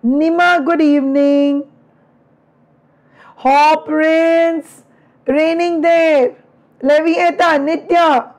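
Teasing and chatting fondly with her students in a live online session, this middle-aged Indian English-speaking teacher talks extremely slowly with long pauses. Her voice is high-pitched, steady and a little mellow, with a throat slightly strained from lecturing.

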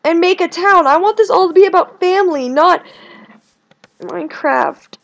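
A young woman chatting casually while playing a video game, rambling and swinging between whiny complaints and excited outbursts. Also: very high voice, normal speed, gravelly, muffled recording. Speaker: gaming video creator. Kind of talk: casual let's-play commentary.

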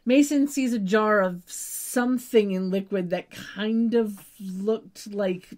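In a slow, mid-range, slightly mellow voice, this woman recaps a TV episode as a podcast co-host. The chat is casual, sprinkled with wry asides, and she tends to trail off with "just saying."

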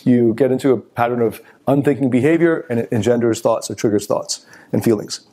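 A man's voice: mid-range voice, a little fast, warm tone. A middle-aged man giving a live motivational talk, blunt and profane, often acting out the voices of people he quotes.

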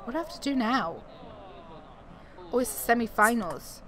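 A woman's voice: a little high, expressive, normal speed, bright, forceful tone. A woman giving casual let's-play commentary, talking to herself and exclaiming as she plays, with game audio behind her. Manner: chatty, exclaiming, talks to herself while playing. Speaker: gaming YouTuber. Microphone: desktop USB mic.

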